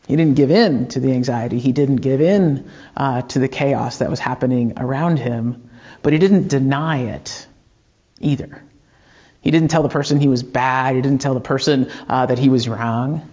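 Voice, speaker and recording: A man delivers a sermon in an easygoing, conversational way. He stumbles over fillers and restarts as he tells a story. His voice sits at an ordinary pitch, and the recording sounds slightly dull and lo-fi. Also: a little mellow, breathy edge. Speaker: pastor.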